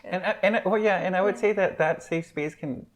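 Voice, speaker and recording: A man chatting casually as a podcast guest, rambling and filling every pause with "like". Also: high-pitched. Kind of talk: casual chat. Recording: muffled lo-fi podcast audio.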